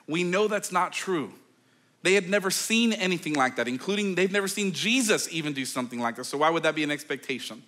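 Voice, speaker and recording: A man, a pastor, preaching a sermon in a conversational, animated storytelling way, full of casual fillers. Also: on the high side, fairly quick. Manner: animated storytelling, acting out quoted voices; conversational, with many fillers like "like" and "okay".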